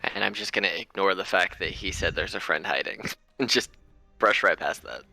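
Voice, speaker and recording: A man playing a tabletop game, blunt and quick to laugh. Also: deep voice, gravelly, bright, forceful tone, no room sound, faint music behind, low-quality recording. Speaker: player. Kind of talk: tabletop role-play.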